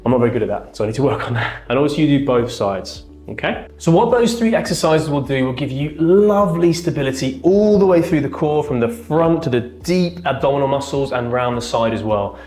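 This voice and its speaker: A man's voice: medium pitch, animated, brisk, hardly any pauses, darkish tone. A man, a chiropractor, explaining and demonstrating back exercises in a treatment room. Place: treatment room with a firm bed. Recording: echoey room, faint music.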